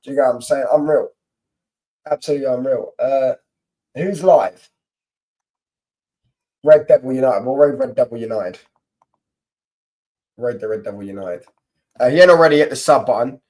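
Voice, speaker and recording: A young man hosting a casual football livestream, slangy and excitable, giving shout-outs to viewers. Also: mid-range voice, moderate pace, long pauses, low-quality recording.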